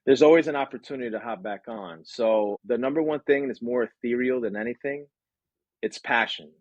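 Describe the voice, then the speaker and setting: A man answering interview questions about his business, energetic and lively, acting out quotes and sound effects. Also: mid-range voice, brisk, dry recording, muffled recording. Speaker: branding agency owner.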